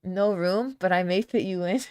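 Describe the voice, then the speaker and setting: A woman hosting a podcast live stream, chatting casually with her viewers and reading their comments aloud. She talks in a loose, playful way, with fillers and quick laughs. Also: fairly low pitch, darkish tone, clean tone. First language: Aramaic. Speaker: podcast host.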